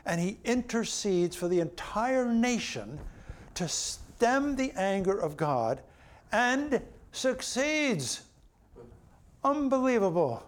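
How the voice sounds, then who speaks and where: Man preaching, animated storytelling, voice bouncing up and down. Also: high voice, slow. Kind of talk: sermon.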